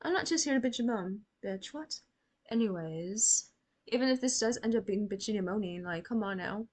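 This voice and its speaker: A woman's voice: mid-range voice, animated, normal speed. A young woman talks through her reactions to a TV episode in casual commentary. She is blunt and sarcastic, swears often, and scolds the characters as if they could hear her. Her voice sits in a mid range.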